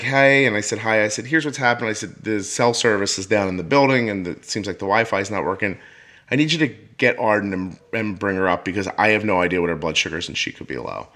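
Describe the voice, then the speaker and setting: Middle-aged guy podcast host, lowish bright voice, chatty storyteller doing little voices for people he quotes. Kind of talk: casual storytelling chat.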